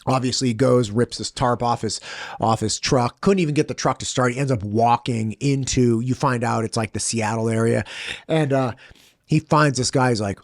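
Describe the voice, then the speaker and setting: A man hosting a podcast, casually retelling a film in an animated way and acting out the quotes. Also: medium pitch, no room sound, studio quality. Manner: retells a film scene with quick acted quotes. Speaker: podcast host. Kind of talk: casual chat, animated storytelling. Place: studio.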